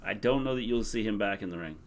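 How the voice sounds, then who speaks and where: A man co-hosting a wrestling recap livestream in casual chat, offering measured, hedging opinions. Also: lowish voice, a little hiss or hum. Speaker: co-host of a wrestling recap stream.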